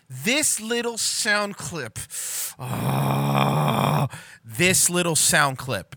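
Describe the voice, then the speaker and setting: Ranting sarcastic man with a lively voice. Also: on the high side, extremely slow, creaky, slightly rough, dry recording. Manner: sarcastic, ranting, swears a lot. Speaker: reaction commentator. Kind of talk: profane comedic reaction commentary.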